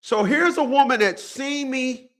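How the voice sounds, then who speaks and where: A man's voice: very high voice, unhurried. A man talking straight to his viewers in a casual monologue, profane and repetitive, with a preachy storytelling manner. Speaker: vlogger.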